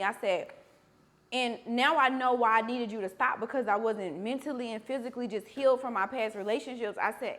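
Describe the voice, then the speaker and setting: A woman's voice: fairly high pitch, brisk, a bit bright. A young woman hosting a candid conversation over a meal, talking bluntly and emotionally with frequent swearing. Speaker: podcast host.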